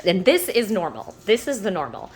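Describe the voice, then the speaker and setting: A woman in her thirties, chatting casually at home as she walks between rooms and shows how she trains her dogs, with loose fillers and restarts and sweet high baby talk for the dogs. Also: big pitch swings, normal speed. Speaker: dog trainer. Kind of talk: casual instructional vlog.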